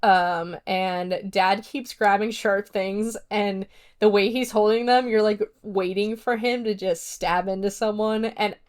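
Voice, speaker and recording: Steady in tone and measured in pace, a woman with a medium-pitched voice hosts a laid-back solo podcast. Her horror movie review rambles along with plenty of fillers, and she acts out quotes to retell scenes.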